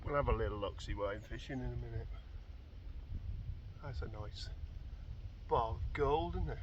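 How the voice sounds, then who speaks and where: A man's voice: medium pitch, normal speed, dull audio, a little hiss or hum. A man vlogging a fishing session outdoors at a pool, in a chatty, rambling, easygoing way. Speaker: angler vlogger. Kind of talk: casual fishing vlog.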